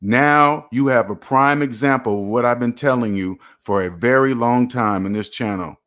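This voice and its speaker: A man with a medium-pitched, fairly bright voice speaks at normal speed as host of a personal finance channel. In a motivational livestream, he addresses viewers directly, sounding preachy, repetitive, and emphatic.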